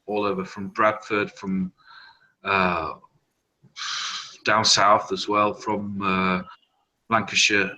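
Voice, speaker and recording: A man, telling rambling, halting party stories with a lot of swearing in an open online hangout. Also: lowish voice, level tone, sharp tone, poor audio. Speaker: hangout participant. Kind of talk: casual storytelling.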